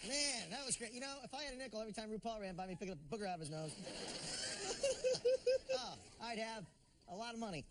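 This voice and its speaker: A man's voice: high-pitched, quick pace, pauses often. A man hosting a game show, introducing games with jokes and chuckling between them. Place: television studio stage. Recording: studio with audience noise.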